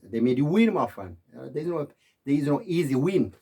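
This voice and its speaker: A man giving an emphatic, preachy monologue, repeating himself and swinging from loud to quiet. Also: fairly high pitch, big pitch swings, moderate pace, husky. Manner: repetitive, keeps saying "my friend" and "okay".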